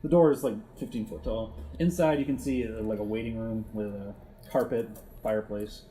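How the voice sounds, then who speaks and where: A man narrating a tabletop game as game master in a relaxed, improvised way. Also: on the low side, normal speed, a little hiss or hum.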